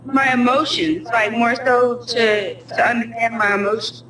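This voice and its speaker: A woman interviewed about her recovery, speaking in a halting, earnest way. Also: on the high side, fairly even intonation, bright, forceful tone. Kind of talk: personal interview. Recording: roomy distant mic with crowd noise.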